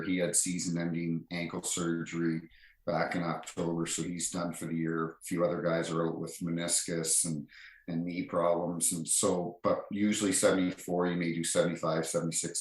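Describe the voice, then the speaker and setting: A middle-aged man, a retired referee, telling stories as a podcast guest in a chatty, rambling way with many fillers and restarts. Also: low voice. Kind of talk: casual anecdotal storytelling. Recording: roomy echo.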